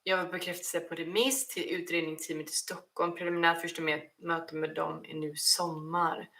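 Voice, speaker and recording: Low-pitched with vocal fry, this woman speaks at a moderate pace with little pitch movement and a pushed, bright tone. A Swedish streamer whose first language is Swedish, she chats casually in a livestream Q&A, reading viewer questions aloud and often restarting her sentences.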